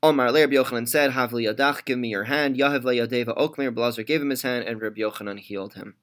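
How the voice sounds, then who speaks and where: A man's voice: medium pitch, fairly bright tone. Man teaching a Talmud class. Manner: reads Aramaic lines then explains in English; conversational with fillers and restarts. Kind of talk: Talmud study class, reading and translating.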